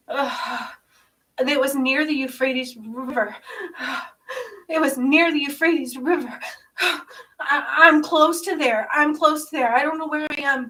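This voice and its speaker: A woman with a fairly high voice channels a spiritual vision, crying and short of breath. She halts, repeats her words and laughs through her tears. Her voice sounds a little distant from the microphone. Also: a bit bright. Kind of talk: emotional channeling session.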